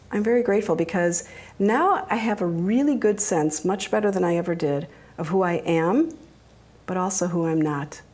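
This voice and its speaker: A middle-aged woman giving a talk, telling personal stories in a lively way and laughing often. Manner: animated, acts out quoted voices with big pitch jumps.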